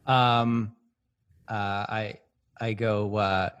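A man playing in a tabletop game, talking in halting, giggly bursts with stumbling restarts. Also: on the low side, steady tone, a bit bright, clean tone. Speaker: player. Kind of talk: casual tabletop game chat.

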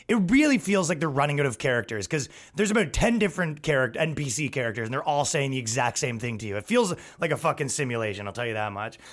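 A man hosting a podcast, ranting in a crude, sarcastic way and mocking others, swinging between loud outbursts and low asides. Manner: profane, sarcastic, mocking, with put-on voices for others. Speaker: podcast host and stand-up comedian. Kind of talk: casual ranting monologue.

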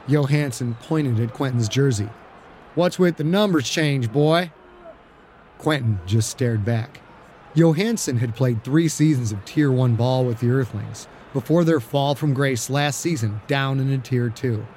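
A man narrating an audiobook in a steady, dramatic storytelling manner. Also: mid-range voice, moderate pace, a little hiss or hum. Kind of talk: scripted narration.

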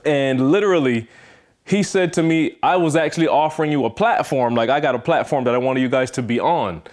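A man's voice: medium pitch, a little fast, darkish tone. A man hosting a podcast in casual motivational talk, emphatic and repeating his points for stress. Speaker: podcast host.

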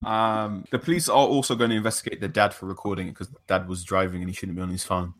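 A man co-hosting a chat show, giving measured, reasoned opinions. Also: sits low, level tone, a bit bright. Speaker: podcast co-host. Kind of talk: casual chat.

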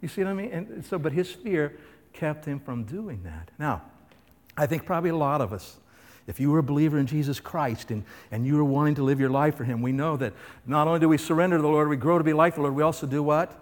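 A pastor delivers a fast, emphatic sermon, constantly throwing rhetorical questions at his listeners. For a man, his voice sits somewhat high, and it rings with the long reverb of a large hall.

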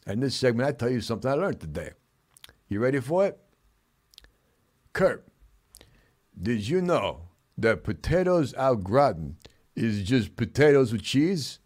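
A man hosting a comedic chat show, talking in a deadpan, mumbling way. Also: medium pitch, measured pace, pauses often. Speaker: host.

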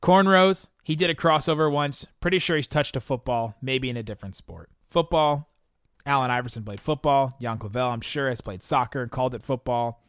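A young podcast host rambles loosely through listener questions, laughing a lot, restarting sentences and relying on fillers. His voice is ordinary middle pitch, dry and close-miked, a little fast and fairly bright, smooth, with no echo.

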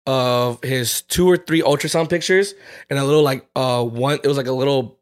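A man's voice: medium pitch, fairly even intonation, moderate pace. A man in his twenties, a podcast co-host, telling a candid personal story with plenty of swearing. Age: 20s. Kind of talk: casual chat.

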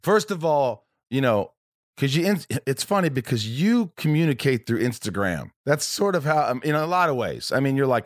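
A podcast host in his forties, a man who rambles, stammering and restarting his sentences and swearing freely. His voice sits at an ordinary pitch and sounds dry and close, with no room echo. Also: sing-song, moderate pace. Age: 40s. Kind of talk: casual podcast chat.

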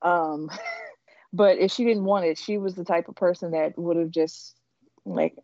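Female podcast co-host, low and mellow, chatty and rambling, on dry lo-fi audio. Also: unhurried, no room sound. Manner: rambling, with many fillers and restarts. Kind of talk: casual TV recap chat.

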